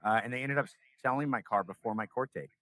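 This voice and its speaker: A man's voice: medium pitch, fast, a bit bright, low-quality recording. A young man from California, a podcast guest, telling a story in casual interview talk and acting out the dialogue.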